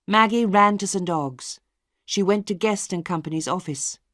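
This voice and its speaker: A storyteller reading a simple novel aloud for English learners, slowly and with clear spacing. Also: medium pitch, a bit bright, no room sound, studio quality. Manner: slow, clearly spaced storytelling. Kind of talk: slow graded-reader narration for English learners.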